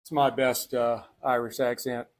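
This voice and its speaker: A man's voice: medium pitch, flat delivery, measured pace. A man with a Texas drawl hosting a cigar and whiskey livestream outdoors, talking in a rambling, easygoing way and poking fun at his own mishaps. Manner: rambling, easygoing, self-deprecating. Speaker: cigar and whiskey show host. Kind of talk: casual livestream chat. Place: outdoors on a breezy day.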